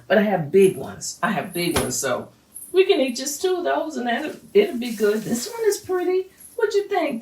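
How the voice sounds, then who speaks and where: A middle-aged woman hosts a home cooking show, talking the viewer through each step in a relaxed, encouraging way. Her voice sits fairly high and she repeats phrases as she cooks. She stands a little away from the mic, and the kitchen adds a roomy echo. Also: recorded from a distance. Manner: chatty, encouraging, repeats herself; sings a church hymn. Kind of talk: casual cooking demonstration.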